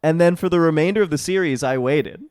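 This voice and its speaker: A man's voice: on the high side, fast talker, darkish tone, clean tone, no room sound. A man guesting on a podcast in casual chat, wry and jokey, now and then breaking into silly sung snippets.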